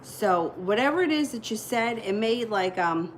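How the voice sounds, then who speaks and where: A woman's voice: medium pitch, animated, normal speed, a little hiss or hum, low-quality recording. A woman doing live tarot readings, answering viewer questions in a loose, chatty way. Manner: casual, explains readings conversationally with fillers. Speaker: tarot reader.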